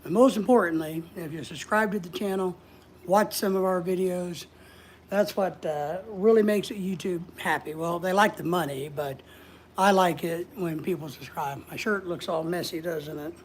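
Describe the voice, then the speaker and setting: A woman's voice: lowish voice, moderate pace, a little hiss or hum. A woman hosting a casual livestream, chatting in a rambling way and reading viewer comments aloud. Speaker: livestream host.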